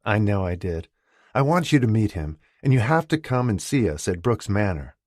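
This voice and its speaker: A man's voice: on the low side, sing-song, normal speed, a little mellow, no room sound, studio quality. A man reading an audiobook and voicing a woman who is a thriller author, with a raised, lighter voice. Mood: fond. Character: American woman, thriller author, newly engaged.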